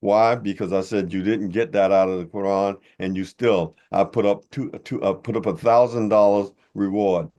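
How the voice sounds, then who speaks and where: Deep-voiced older man, combative rebuttal. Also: fairly even intonation, moderate pace, few pauses, mellow, lo-fi sound. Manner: combative, mocking, preacher-like; blunt and informal. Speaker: religious commentator. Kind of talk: heated rebuttal monologue.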